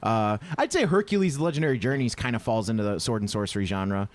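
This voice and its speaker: A man's voice: lowish voice, lively intonation, fast talker. A man co-hosting a podcast in casual chat, swearing freely and laughing often. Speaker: podcast co-host.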